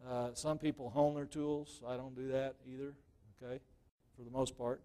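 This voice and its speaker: A man's voice: medium pitch, level tone, moderate pace, dark tone. A man demonstrating woodturning to a club audience live, talking casually and checking in with "okay?" after nearly every point.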